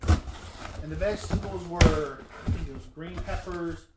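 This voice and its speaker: A woman's voice: lowish voice, moderate pace. A woman vlogging in a casual, rambling way, restarting and repeating words as she tells a story. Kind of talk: casual rambling vlog chat. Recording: loud wind noise on the mic.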